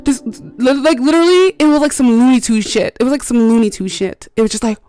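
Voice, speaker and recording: A woman's voice: a little high, fairly quick, dark tone, soft background music. A woman streamer chatting casually while playing a game, rambling through stories with lots of filler words, swearing freely and laughing often.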